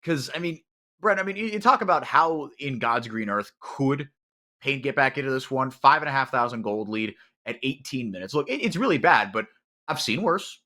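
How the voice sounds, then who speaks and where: A man doing live play-by-play commentary on an esports match, calling the action quickly and often repeating words as he thinks. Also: mid-range voice. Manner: rapid, animated calling with frequent repeated words.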